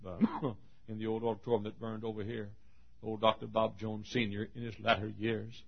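Husky-voiced preacher man, dramatic swings. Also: flat delivery, normal speed. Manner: dramatic, swinging from ringing shouts to hushed low tones; repetitive rhythmic preaching with chuckles. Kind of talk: evangelistic sermon. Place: church pulpit. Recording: dull lo-fi sermon recording.

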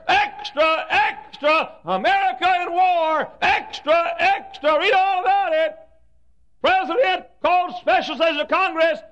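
A man voicing a young male newspaper seller loudly hawking headlines in the street. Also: extremely high pitch, lo-fi sound, pitched above the performer's own voice, full character voice. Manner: shouting street cries.

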